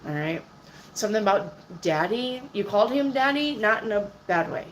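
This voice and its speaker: A woman giving casual live-stream tarot readings. She answers viewers' questions out loud and keeps checking in with "okay?", clearing her throat now and then. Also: mid-range voice, lively intonation, normal speed, slight background noise, rough recording. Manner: chatty, checks in with "okay?" and "all right?" often; reads viewer questions aloud and answers them. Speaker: tarot reader.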